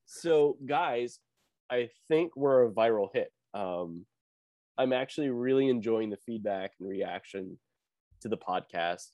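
A man's voice: on the low side, lively intonation, a little slow, dark tone, dry recording. A man hosting a podcast, chatting casually and playfully with his co-hosts. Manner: playful, theatrical intro voice. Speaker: podcast host.

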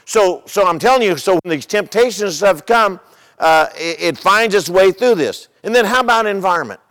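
Older male pastor, high voice, loose conversational sermon delivery with stories. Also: expressive, normal speed, fairly bright tone, in a large hall. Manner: conversational, repeats words, tells humorous stories.

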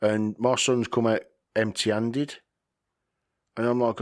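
A man's voice: medium pitch, flat delivery, takes it slowly, pauses often. A man hosting a podcast, rambling casually, swearing freely and chuckling often. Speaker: podcast host.

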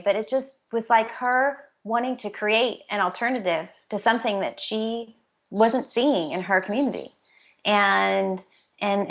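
A woman public speaking trainer, a podcast guest, talking earnestly in a casual style full of "like" and "you know". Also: mid-range voice. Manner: warm-hearted, earnest, lots of "like" and "you know" fillers. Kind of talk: casual conversational interview.

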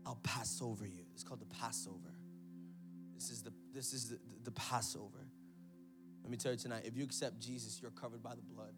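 A man preaching an energetic sermon in church, telling a story and calling out to the congregation. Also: medium pitch, brisk, over music. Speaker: pastor.

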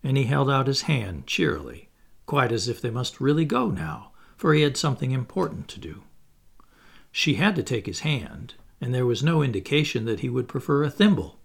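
Male audiobook narrator, storybook reading, lively intonation, gravelly texture. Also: mid-range voice, normal speed.

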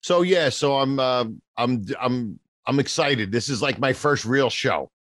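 A man's voice: medium pitch, measured pace, a bit bright, no echo, clean studio sound. A man from New Jersey, a comedian guest telling a self-mocking story in casual podcast chat.

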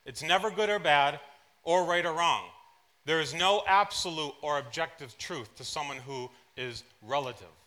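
At a church service, a man serving as pastor tells animated personal stories in his sermon, speaking at a fairly high pitch and normal speed. He drops softly into asides, then rises into loud, excited bursts.

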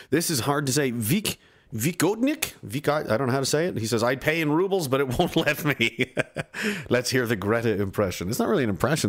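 A man in his thirties hosting a casual livestream, reading chat and ranting in a sarcastic, mocking way. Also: medium pitch. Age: 30s.

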